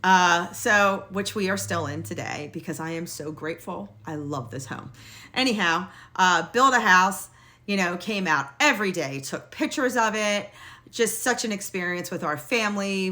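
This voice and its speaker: A middle-aged woman casually telling a personal story in a blunt, lively way, swearing now and then. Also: medium pitch, moderate pace.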